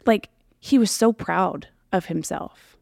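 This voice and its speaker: Slow, gravelly-voiced woman telling her story. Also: mid-range voice, a little mellow, dry recording, studio quality. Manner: candid, halting, frequent fillers. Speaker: podcast host. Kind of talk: personal storytelling.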